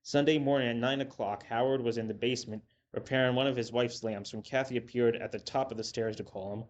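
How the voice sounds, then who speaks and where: A man reading a story aloud in a steady, measured narration. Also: medium pitch. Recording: dull lo-fi with faint hiss.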